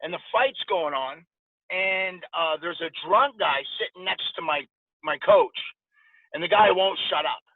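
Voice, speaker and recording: A man in his forties, a podcast guest, casually telling lively stories and acting out the dialogue. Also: high voice, a little slow, dry recording. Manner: animated anecdote-telling with quoted dialogue. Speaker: podcast guest, former boxer. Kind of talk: casual storytelling interview. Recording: dry, tinny phone-like sound.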